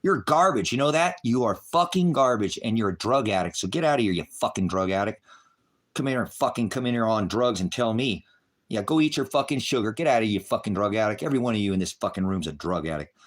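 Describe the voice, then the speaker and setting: A man's voice: expressive, quick pace. Cursing, raging middle-aged man. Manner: heavy cursing, bitter and raging; swings from shouting to low muttering. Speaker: online ministry broadcaster. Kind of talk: angry unscripted rant to viewers.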